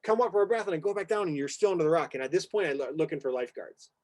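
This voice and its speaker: A man hosting a casual talk show, retelling a story in a lively, excitable way and acting out what people said. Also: on the high side, racing. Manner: excitable, vivid retelling with acted-out quotes. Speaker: podcast host. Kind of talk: animated storytelling in casual conversation.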